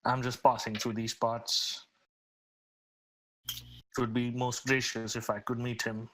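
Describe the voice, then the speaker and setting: A man's voice: medium pitch, level tone, slow, a bit bright, slight background noise, low-quality recording. A man playing a humble wandering priest. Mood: courteous. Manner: formal, gracious speech.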